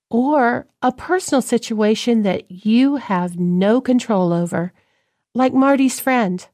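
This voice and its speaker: A woman co-hosting a talk program, giving calm, evenly read advice. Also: a little high, dry recording, clean studio sound. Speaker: co-host. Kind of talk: scripted radio talk.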